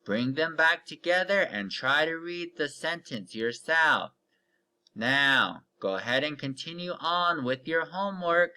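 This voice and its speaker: Male reading teacher for young kids, slightly high voice, drawn-out phonics modeling. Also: lively intonation, pushed and bright, smooth. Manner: slow, stretched-out modeling of words with patient step-by-step cues. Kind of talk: recorded online reading lesson for young children.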